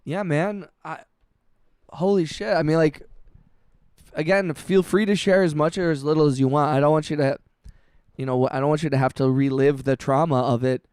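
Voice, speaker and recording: A man streaming music production, chatting casually with his chat, halting and heartfelt, often restarting and swearing with lots of "bro" and "dude". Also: a little high, steady tone, darkish tone, clear, resonant tone, no echo, studio quality. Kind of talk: casual livestream chat, reading chat messages.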